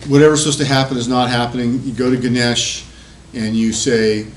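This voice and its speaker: A male university lecturer telling stories in an animated, chatty classroom lecture. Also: mid-range voice, brisk. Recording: echoey classroom with faint noise.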